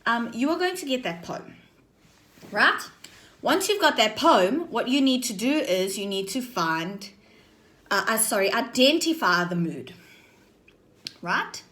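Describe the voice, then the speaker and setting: Slow-spoken woman drama teacher. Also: a little high, very animated, a bit bright. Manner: checks in with "okay?" and "right?" between points; slow, deliberate explaining. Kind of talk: recorded class lesson.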